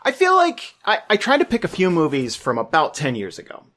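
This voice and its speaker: Man in his thirties, podcast co-host, casual chat, animated pitch, halting delivery, dry humor. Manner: hesitant, restarts often, dry humor.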